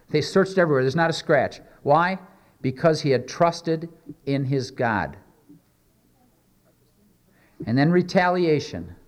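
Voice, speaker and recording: A male pastor preaching a sermon, reading scripture aloud and then explaining it in a conversational way with many rhetorical questions. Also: fairly high pitch.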